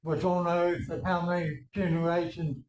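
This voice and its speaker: A man in a church class raising a point from the audience, halting and restarting as he speaks. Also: sits high, little pitch movement, a little mellow. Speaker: class participant. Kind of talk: question from the audience. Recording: echoey room.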